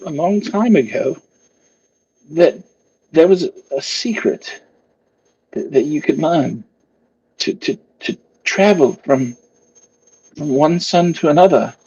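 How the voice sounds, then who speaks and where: A man's voice: on the high side, lively intonation, takes it slowly, long pauses, warm tone, slightly rough, highs cut off, pitched above the performer's own voice, exaggerated voice. A man voicing a nervous craftsman who stammers and trails off as he explains. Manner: stammering, hesitant.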